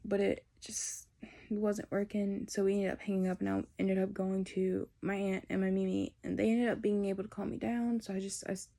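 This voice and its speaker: Flat-voiced young woman telling a story. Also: medium pitch. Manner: candid, rambling, heartfelt. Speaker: vlogger. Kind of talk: personal storytelling.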